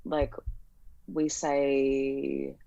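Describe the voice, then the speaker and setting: Young Australian woman, low voice, casual chatty podcast guest, dry close mic. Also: monotone, drawn-out words, vocal fry, dark tone, no room sound, highs cut off. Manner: chatty, lots of fillers, acts out quoted exchanges. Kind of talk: casual chat.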